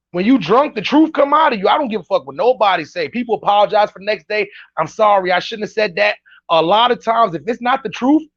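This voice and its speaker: A man's voice: sits high, fairly bright tone, husky, no room sound. A man giving casual, slangy reaction commentary, ranting emphatically as a vlog host. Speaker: commentary vlogger. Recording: dull dry lo-fi recording.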